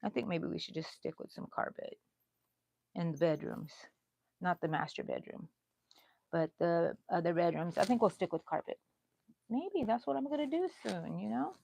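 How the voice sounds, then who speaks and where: A woman's voice: fairly low pitch, expressive, moderate pace, gravelly, darkish tone, a little hiss or hum. A woman, chatting in a rambling way to viewers of her crochet livestream from a bedroom at home. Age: 60s. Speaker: crochet channel host. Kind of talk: casual livestream chat.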